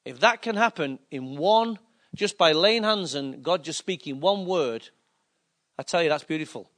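A man preaching a sermon, telling stories and acting out quotes in a lively anecdotal way. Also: fairly high pitch, normal speed. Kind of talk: sermon storytelling.

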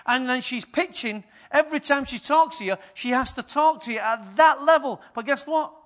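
A middle-aged man preaching a sermon as pastor, telling stories lively and swinging from hushed asides to loud bursts. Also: very high voice, moderate pace.

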